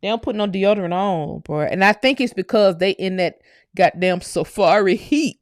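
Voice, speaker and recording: A woman with a Southern US accent hosting a casual livestream, ranting loudly, cursing and laughing as she talks. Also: medium pitch, moderate pace. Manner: loud, profane and laughing. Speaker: livestream host.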